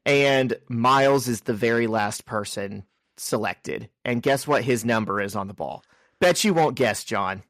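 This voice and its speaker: A man co-hosting a podcast, casually recapping a comic and acting out the characters' lines in quick asides. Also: mid-range voice, a bit bright, dry recording, studio quality. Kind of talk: casual chat.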